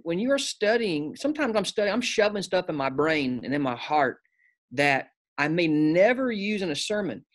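Emphatic preacherly man. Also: fairly high pitch. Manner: emphatic, preacherly, says "listen" often. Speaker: pastor and preaching teacher, guest. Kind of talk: casual interview conversation.

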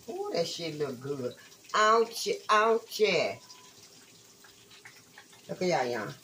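A woman's voice: lowish voice, sing-song, slow pace, pauses often, noisy background. A woman chatting bluntly and profanely to her viewers while frying food in her home kitchen, calling them y'all. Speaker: online spiritual reader. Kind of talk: casual rambling talk to viewers.

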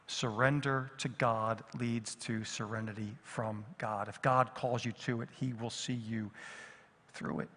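A middle-aged man preaching a sermon as pastor, swinging from lively emphasis to hushed, near-whispered repetitions. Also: medium pitch, slow. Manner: dynamic, drops to near whisper on repeated phrases. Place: church sanctuary. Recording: long reverb of a church hall.

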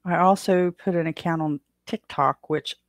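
A woman's voice: on the low side, fairly even intonation, moderate pace, no room sound. A woman from the United States hosting her own podcast, chatting casually on her own and rambling with many fillers and restarts. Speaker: podcast host. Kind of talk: casual solo chat.

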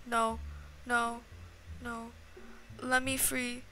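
Excitable young woman gaming with bright voice. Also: high-pitched, unhurried, creaky. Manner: dramatic, excitable, talks to viewers as y'all. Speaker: gaming YouTuber. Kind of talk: casual gameplay commentary.

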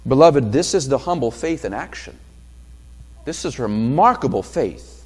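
A male pastor preaching an expository sermon, emphatic and passionate, building to loud peaks. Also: medium pitch, expressive, a little slow, slightly rough, in a large hall. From New Hampshire.

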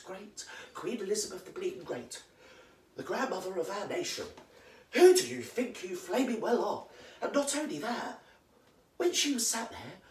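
A performer playing an indignant old English granny with a British accent who gossips and swears in a rambling comedy monologue, recorded in a roomy space from a distant mic. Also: slight background noise. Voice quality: slangy, swears constantly and rambles. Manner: mock-outraged gossiping with big pitch swings.

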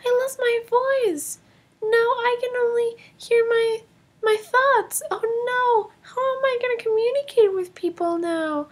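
A woman voicing a worried little girl in a toy film, speaking in a high, childlike way. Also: measured pace. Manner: worried and pleading. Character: little girl who has lost her voice.

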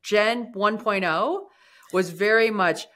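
A woman guest on an interview podcast, telling her story in a lively, casual way. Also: medium pitch, takes it slowly. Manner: animated, acts out quoted speech; casual, fillers like "like". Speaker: guest, mountaineer.

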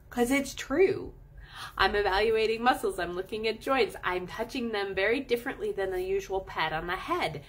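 Woman, middle-aged, husky voice, casual coaching talk, playful and animated. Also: medium pitch. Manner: animated, playful, drawn-out emphasis. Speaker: animal chiropractor and channel host.

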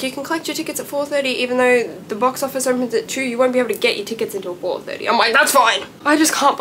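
Young aussie girl vlogging, super excited and breathless, kinda high voice. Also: a little hiss or hum. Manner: gushing, breathless, squeals in disbelief. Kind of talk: excited casual vlog chat.

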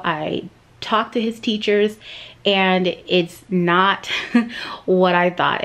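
Young mom vlogging, chatty and animated, keeps saying you guys, mid pitch woman. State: recovering from surgery. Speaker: vlogger, stay-at-home mom. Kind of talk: casual storytelling to camera.

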